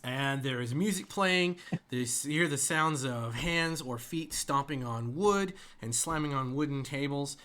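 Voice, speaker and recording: A man narrating as game master of a tabletop game, often halting and restarting. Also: mid-range voice, sharp tone, slight background noise. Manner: halting, stuttering in-character delivery.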